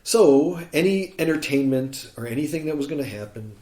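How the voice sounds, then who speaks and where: A man from Chicago, a guest musician on a podcast, telling a story in a lively way and acting out what people said. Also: fairly high pitch, normal speed. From Chicago, USA. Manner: animated storyteller who acts out quoted speech. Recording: roomy echo.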